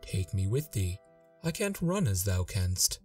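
Casting: slow, measured storybook frog, read by a man, set back from the mic with soft music. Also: sits low, very animated, recorded from a distance. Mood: pleading. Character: slow, calm male frog in a well.

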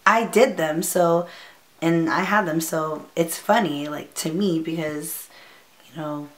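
Young woman vlogger, slightly low voice, slow unhurried delivery, rambling storytime with lots of fillers. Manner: rambling, many fillers, laughs nervously. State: near tears at times. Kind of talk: casual storytime.

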